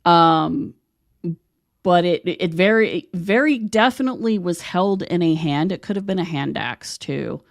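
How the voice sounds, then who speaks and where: Woman host from West Virginia, deep and gravelly, rambling chatty storyteller. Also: unhurried, no echo, clean studio sound. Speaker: podcast host. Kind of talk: casual conversation.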